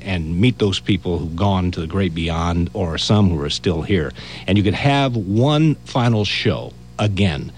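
A very deep-voiced male interviewer asks long, winding questions. His pitch moves a lot, and a faint hum sits behind him. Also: a little mellow. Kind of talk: radio interview.

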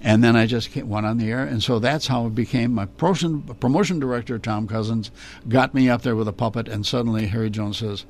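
An older man, a former children's television performer, recalling his early career in an interview, animated and laughing often as he tells stories. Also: mid-range voice, brisk. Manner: animated storyteller, slips into character voices and laughs often. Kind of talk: reminiscing interview.

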